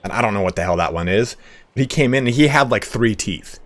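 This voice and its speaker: A male game streamer with a fairly low voice. He tells loose, rambling stories with a lively rise and fall in pitch. He swears freely and drops into mock voices along the way. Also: fast talker. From United States. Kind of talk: casual rambling storytelling.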